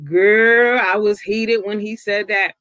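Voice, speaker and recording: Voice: mid-range voice, fairly even intonation, takes it slowly, bright, forceful tone, no room sound. A vlogger giving outspoken, casual commentary, swearing freely, with the voice jumping up when riled.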